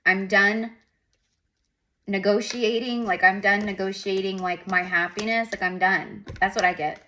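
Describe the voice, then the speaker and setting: A woman with a mid-range voice speaks unhurriedly while giving a casual tarot reading. She rambles and repeats herself as she channels, breaking off into animated asides.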